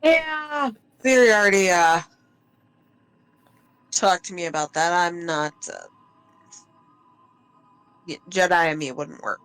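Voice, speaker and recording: Tabletop role-play: a woman playing a blunt, defensive street-hardened woman, sharp bright tone. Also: lowish voice, lively intonation, slow, long pauses, clear, resonant tone, faint music behind, heavily acted, low-quality recording.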